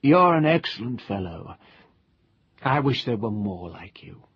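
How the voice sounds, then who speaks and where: Male reader doing a drunk, overly polite gentleman guest, voice raised and husky, in a storybook reading. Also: medium pitch, very animated, moderate pace, dry recording, pitched above the performer's own voice, heavily acted. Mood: tipsy, genial. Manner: slurred exaggerated civility, sing-song. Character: tipsy middle-aged gentleman hotel guest, pompous. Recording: dull lo-fi recording.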